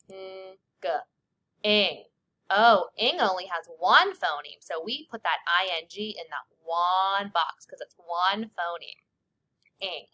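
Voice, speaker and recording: A woman teacher leading young children through a spelling lesson, sounding out letters and sounds slowly and clearly. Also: mid-range voice, pushed and bright.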